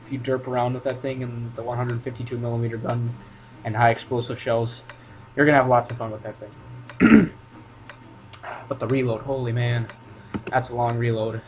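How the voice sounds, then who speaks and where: A man hosting a gaming video, commenting casually on his match in a relaxed, rambling way with many fillers. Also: mid-range voice, normal speed, faint music behind, rough recording. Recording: voice over loud game sounds. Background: game engines and artillery fire.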